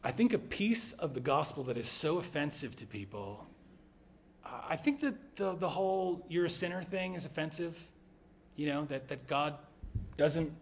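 A man preaching a sermon in a conversational way, sometimes dropping to a quiet, low voice for emphasis. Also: animated, normal speed, creaky, slight background noise. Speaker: pastor.

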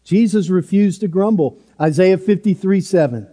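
A man's voice: high-pitched, normal speed, dark tone, in a large hall. A man preaching a sermon as pastor, earnest and emphatic, driving points home with repeated short phrases.

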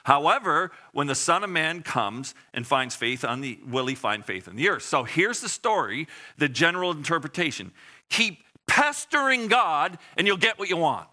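Animated, bright-voiced male preacher. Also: a little high, moderate pace. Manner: conversational, animated, acts out voices and asks the congregation questions. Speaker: pastor. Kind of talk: sermon.

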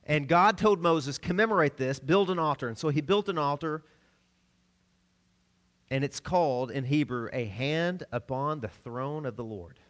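A middle-aged pastor from the American South preaches a sermon built on stories, with laughter and abrupt shifts between loud and soft. His voice sits on the high side and moves at a normal speed.

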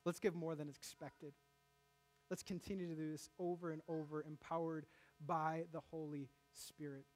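A man preaching a sermon as pastor, animated, with jokes and asides to the congregation in a church. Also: fairly high pitch, moderate pace, soft background music.

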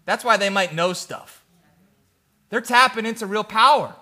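Pastor, high bright voice, emphatic sermon, dramatic hushes. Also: male voice, moderate pace. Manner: emphatic, swings between loud and hushed, rhythmic lists.

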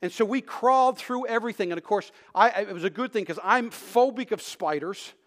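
A man preaching a sermon in a high, lifted voice. He tells a personal story with lots of drama, dropping to a hush, then rising to loud bursts. Now and then he restarts a word mid-sentence. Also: a little fast. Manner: animated storytelling, swings from loud shouts to hushed tones. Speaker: pastor.

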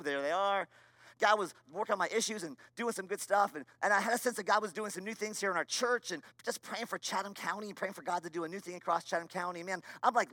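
A man preaching a sermon as a pastor, earnest and emphatic, with repeated phrases and moments of quiet confession. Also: sits high, no room sound. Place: church.

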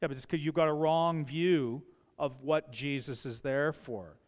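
A man's voice: a little high, measured pace. An older man preaching a sermon as pastor, emphatic and repeating key phrases for effect. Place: church sanctuary. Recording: long hall reverb.

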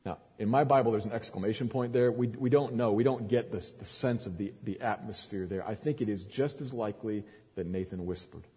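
A man's voice: on the low side, brisk, dark tone, husky. Man preaching in a reverberant hall. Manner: dramatic retelling, repeats words on restarts. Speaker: pastor. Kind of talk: sermon.

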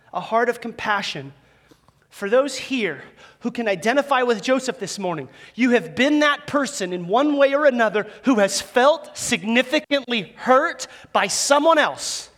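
A man preaching a sermon as a pastor in a church, conversational and animated, with self-deprecating humor. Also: very high voice. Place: church sanctuary with a live audience. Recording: long reverb of a large hall.

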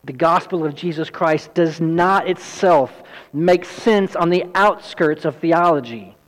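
A man pastor preaching an earnest, emphatic sermon, at times quick and at times slow. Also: fairly high pitch. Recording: long hall reverb.

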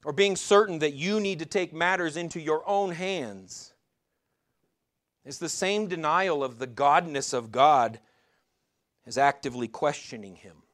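With a fairly high, fairly bright voice, a pastor delivers a sermon unhurriedly and conversationally. He asks the congregation rhetorical questions, occasionally tripping over his words and starting again.

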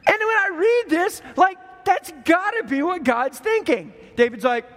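Pastor, male, very high-pitched, animated storyteller, recorded in an echoing hall. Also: unhurried. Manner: animated storytelling, acts out voices in quotes. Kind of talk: sermon. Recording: long hall reverb.

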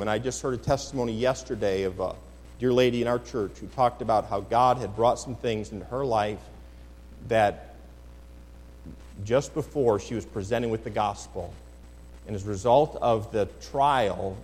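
A male pastor preaching to his congregation, moving from quiet conversational asides to loud, impassioned outbursts and reading scripture in King James wording. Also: mid-range voice. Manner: reads scripture aloud in old-fashioned King James wording. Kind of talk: sermon. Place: church sanctuary with a congregation. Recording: long church reverb.

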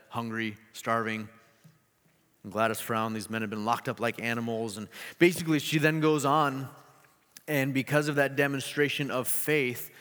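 A man preaches a sermon and tells a story with animated delivery and playful asides. His voice sits at a middle pitch. A long reverb rolls through a big hall behind every phrase. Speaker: pastor.

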